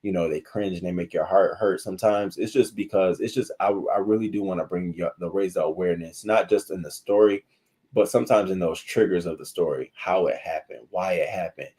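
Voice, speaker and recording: A man hosting a casual livestream news commentary, animated and profane, talking to his viewers between stories. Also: deep voice, brisk, husky.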